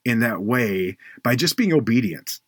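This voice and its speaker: Husky-voiced man telling a faith story. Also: medium pitch, lively intonation, unhurried, no room sound, clean studio sound. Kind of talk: faith podcast conversation, storytelling.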